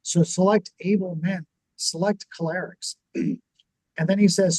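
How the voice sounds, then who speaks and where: Man telling stories with a higher, dry voice. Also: fairly even intonation, unhurried, warm tone, no room sound, low-quality recording. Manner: storytelling, acts out quoted dialogue, repeats words when restarting. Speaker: podcast co-host and business owner. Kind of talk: casual teaching chat on scripture and business.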